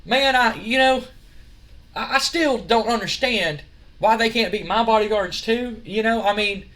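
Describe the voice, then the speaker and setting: A man's voice: high voice, unhurried, fairly bright tone, voice pushed up. A man doing a whiny, offended wrestler. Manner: whiny, stammering. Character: whiny indignant male wrestler, easily offended.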